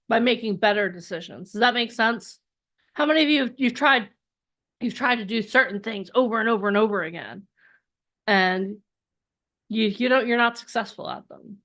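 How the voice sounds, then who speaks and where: Animated woman coaching a live workshop. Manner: energetic, acts out inner voices with big pitch jumps. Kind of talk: motivational workshop talk. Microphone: online call.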